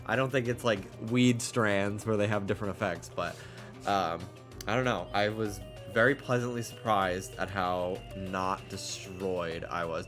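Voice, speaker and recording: A man's voice: fairly low pitch, steady tone, a little slow, fairly bright tone. A young man streaming a game, chatting casually and rambling with lots of fillers, reading game text aloud, with game music behind. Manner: rambling, many likes and ums, reads game text aloud. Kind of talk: game let's play with casual chat.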